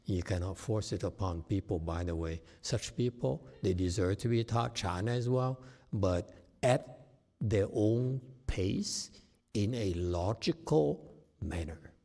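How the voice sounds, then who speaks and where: A man leads a dharma talk as a meditation teacher, with a low, mellow voice. He talks at a slow, unhurried pace. His delivery is emphatic, and he keeps checking whether his listeners follow. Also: creaky.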